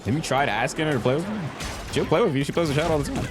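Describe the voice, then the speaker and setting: Young man streamer with a lively voice. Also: a little high, very fast, over music. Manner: joking, teasing a chatter, laughs often. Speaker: game streamer. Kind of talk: casual live-stream chat while gaming. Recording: game sounds and noise behind.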